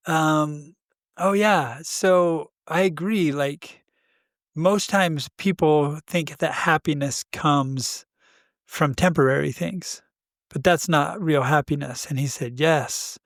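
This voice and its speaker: A man co-hosting a podcast, telling a story in a casual, animated way, acting out quoted dialogue and laughing often. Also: a little high, slow pace, no room sound, studio quality. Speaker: podcast co-host.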